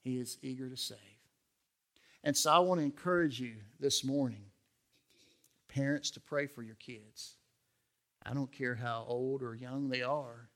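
A man's voice: mid-range voice, a little slow, pauses often, fairly bright tone. A middle-aged pastor preaching an earnest, emphatic sermon in a church, asking his listeners questions. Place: church sanctuary.

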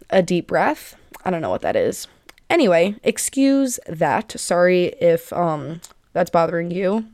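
Slightly breathless, this twenty-something podcast host keeps things bubbly and casual, sprinkling her talk with fillers and little laughs. She speaks on the lower side. The audio is close to the mic, dry and echo-free.

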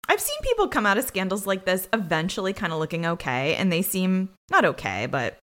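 A woman's voice: on the low side, very animated, a bit bright. A young woman co-hosting a podcast, chatting casually and tossing out sarcastic quips. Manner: quick-witted, sarcastic quips. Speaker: podcast co-host. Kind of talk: casual chat recapping reality TV.

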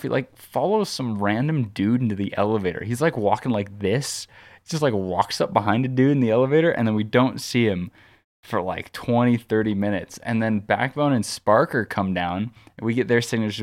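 Speaking at a normal pace in a lowish voice, this podcast co-host winds through a lengthy story during casual chat. He keeps restarting and leans heavily on filler words as he rambles.

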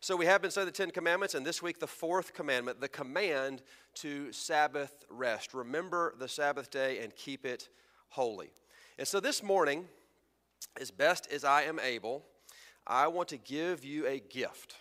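A man's voice: a little high, moderate pace, sharp tone. A man, a pastor who is unwell and fatigued, preaching a sermon in a conversational, self-deprecating way in a church. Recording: long hall reverb.

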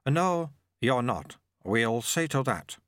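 A man voicing a brisk, dry-witted male monk who recruits a youth, speaking in a sardonic way. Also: mid-range voice, sing-song, fairly bright tone, no room sound.

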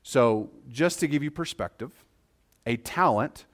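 A man preaching a sermon in a conversational way, often checking that his listeners follow him. He moves between quiet, slower passages and louder, quicker ones. His voice sits at a middle pitch. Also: expressive. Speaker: pastor.

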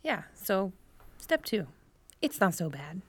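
A woman's voice: mid-range voice, very animated, husky, no echo. A young woman co-hosting a podcast, asking questions and agreeing emphatically. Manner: quick backchannels, emphatic agreement. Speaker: podcast co-host. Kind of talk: casual podcast chat.

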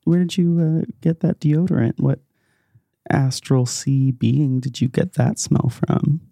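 A man voicing a sinister cult leader with a creaky, high, singsong voice. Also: unhurried, no room sound. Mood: menacing calm. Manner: lilting, falsely friendly, sinister calm. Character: eerie glowing-eyed male cult leader, smooth and menacing.

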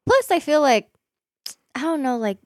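A woman's voice: high-pitched, moderate pace, dry recording, studio quality. A young woman co-hosting a podcast, telling stories in a casual chat and laughing often. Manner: animated storytelling, laughs often, quotes herself. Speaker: podcast co-host.

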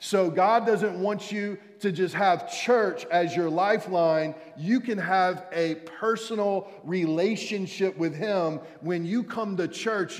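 Energetic pastor, echoing church hall. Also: male voice, sits high. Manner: energetic, calls out to the congregation, jokey asides. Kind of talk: sermon. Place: church sanctuary. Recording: long church hall reverb.

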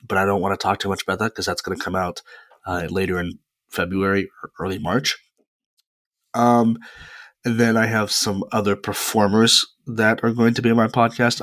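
Male, 20s, solo podcast host: lowish voice, relaxed rambling chat with lots of pauses, dry close-mic sound. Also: no room sound. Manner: chatty and rambling, with frequent pauses. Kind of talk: casual solo podcast monologue.

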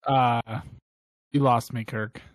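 A man chats on a podcast in a laid-back, teasing way and reacts to his co-host's jokes. His voice has a middle pitch and is recorded dry and close. He sounds easygoing and conversational. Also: fairly even intonation, takes it slowly, no echo. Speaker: podcast co-host. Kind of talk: casual podcast banter.

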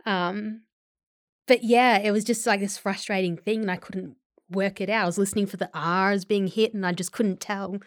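A woman's voice: medium pitch, steady tone, moderate pace, no echo, clean studio sound. A woman actor and filmmaker talking casually in an interview, chatty, with frequent fillers and laughs.

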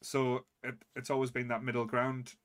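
A man's voice: mid-range voice, moderate pace. Easygoing guy on a podcast chatting about a movie, stumbles a bit, swears now and then. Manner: relaxed, with restarts and casual swearing. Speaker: podcast co-host. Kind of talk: casual film discussion.

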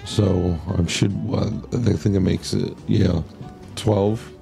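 A man co-hosting a podcast, talking in a laid-back, profane way with drawn-out pauses. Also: low voice, flat delivery, creaky, dark tone, soft background music. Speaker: podcast co-host. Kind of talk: casual chat.

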